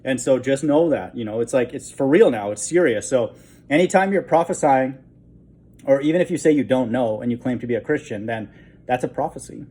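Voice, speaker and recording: An online preacher gives an informal Bible lesson, reading verses aloud and interjecting "okay?" with short chuckles. He has a mid-range, dark-toned voice and talks briskly.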